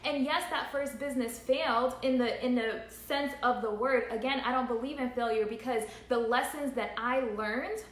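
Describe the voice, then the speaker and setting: High-voiced woman in an echoey room. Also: normal speed, hardly any pauses. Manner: earnest, repeats phrases, laughs through emotion. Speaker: entrepreneur vlogger. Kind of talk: emotional livestream monologue. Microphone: phone livestream.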